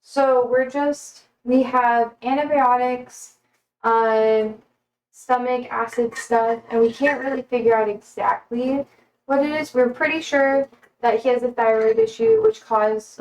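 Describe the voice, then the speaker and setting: A woman's voice: on the high side, darkish tone, low-quality recording. A young woman livestreaming from her kitchen, chatting casually and rambling between talk to her pets. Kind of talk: casual chat while cooking.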